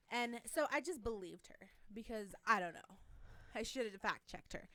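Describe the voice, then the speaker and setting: A woman's voice: a little high, moderate pace, no room sound. A young adult woman co-hosting a casual chat, telling stories with lots of laughter and swearing. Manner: animated, laughing, swearing storyteller. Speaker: podcast co-host. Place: room with co-hosts watching TV.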